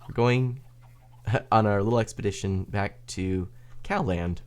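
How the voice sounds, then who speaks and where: A man's voice: lowish voice, a little slow, a little mellow. A man streaming a building game, chatting casually with viewers, chatty and self-deprecating, laughing often. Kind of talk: casual gaming stream chat.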